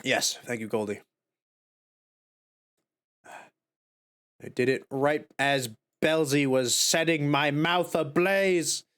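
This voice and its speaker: A man streaming a game live, chatting casually in a goofy, giggly, excitable way. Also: a little high, slow pace, long pauses, smooth.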